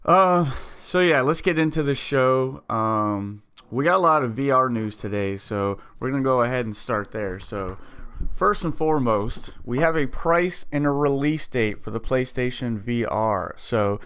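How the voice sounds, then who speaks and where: A man's voice: mid-range voice, animated, a little slow, fairly bright tone, clean tone. A man hosting a casual gaming podcast, upbeat and chatty, with plenty of fillers. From Scottish heritage. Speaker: podcast host.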